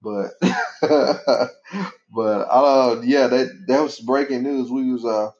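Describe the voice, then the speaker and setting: A man with a medium-pitched, darkish voice draws out his words. He's a father hosting a podcast with his son, chatting loosely, rambling and laughing easily, in an echoey, dull lo-fi room.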